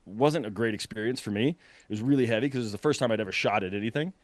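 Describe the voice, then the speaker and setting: A young man casually telling a long story, animated and breathless, full of fillers and quick laughs. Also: lowish voice, dry recording. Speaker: podcast guest telling a hunting story.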